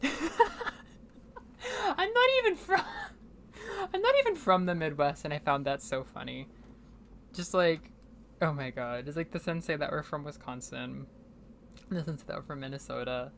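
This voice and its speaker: Chatty low-voiced young woman streamer. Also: very animated, normal speed, vocal fry, pauses often, fairly bright tone, slight background noise. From New England. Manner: chatty, rambling, heavy on fillers and frequent laughs. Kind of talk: casual gameplay commentary.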